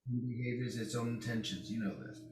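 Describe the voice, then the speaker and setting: Male podcast guest, lively storyteller who mimics others, recorded distant in a reverberant room. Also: medium pitch, fairly quick, a crowd in the background. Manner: animated, acts out quoted voices. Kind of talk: casual storytelling chat. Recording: roomy echo, distant mic.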